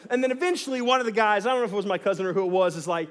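A male pastor giving a sermon, telling a story in an animated way, often tossing in "right?" and laughing as he goes. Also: high-pitched, very fast, hardly any pauses, a little hiss or hum.

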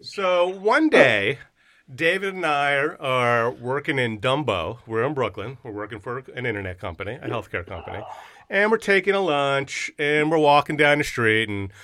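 A male podcast co-host with a bright, forceful voice, full of slang and hype. He banters casually with guests and keeps the energy high. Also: expressive, moderate pace.

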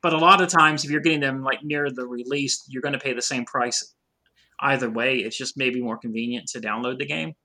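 In a remotely recorded podcast, a male co-host chats casually, spinning rambling anecdotes packed with filler words. His medium-pitched voice is steady, brisk, bright, and forceful.

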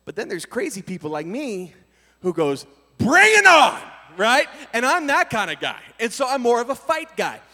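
Animated high-voiced preacher. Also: male voice, normal speed. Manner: animated, acts out scenes with voices and sudden shouts. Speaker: youth pastor. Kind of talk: storytelling sermon. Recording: reverberant hall.

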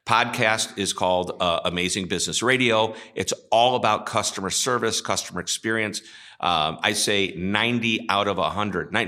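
A middle-aged man with a low-set voice that has a bright, forceful edge. He speaks as a chatty podcast guest in casual conversation, sharing stories and playing the parts in a joke. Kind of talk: casual interview talk.

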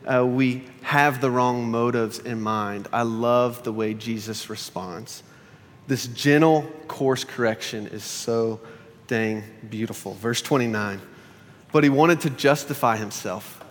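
A pastor giving a sermon in an earnest, conversational way, often repeating phrases for emphasis. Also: male voice, mid-range voice, long reverb tail.

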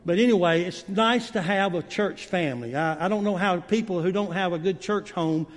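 A man's voice: sits high, normal speed. A man preaching a sermon as guest preacher, in a folksy way with many fillers. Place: church sanctuary. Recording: long reverb of a church hall.

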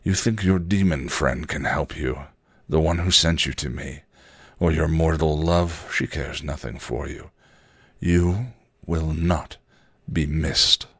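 A man voicing a deep, mocking ancient male demon who speaks slowly and menacingly. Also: a bit bright, slightly rough, no echo, studio quality, heavily acted. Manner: booming, slow and menacing.

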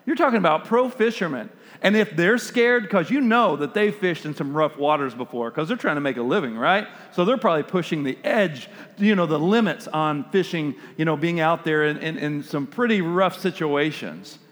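A man preaching a sermon as an animated storyteller who acts out the scenes he describes. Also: a little high, normal speed. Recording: long hall reverb.

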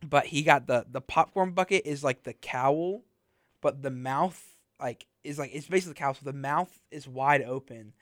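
A man's voice: mid-range voice, normal speed, a bit bright, no room sound. A young man hosting a college radio podcast, chatting casually in a small studio and rambling with lots of fillers. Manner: rambling, filler-heavy, laughs often. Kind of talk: casual chat.

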